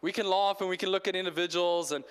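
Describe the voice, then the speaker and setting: Chatty preacher in a reverberant hall. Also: male voice, sits high, fast talker, clear, resonant tone. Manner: conversational, animated, asks the congregation questions. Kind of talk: New Year's Eve sermon. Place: church hall.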